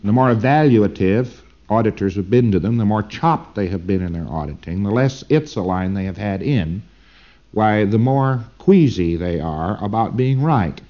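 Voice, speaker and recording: A man's voice: lowish voice, lively intonation, normal speed. A man giving an informal recorded lecture in a rambling way, often tagging his points with "see?", on a dull old lo-fi tape.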